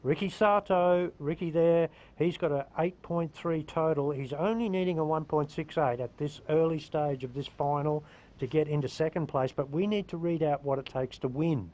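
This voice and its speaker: A man's voice: a little high, moderate pace, mellow, rough recording. A man commentating live surfing from a booth, chatty and enthusiastic. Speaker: surf commentator.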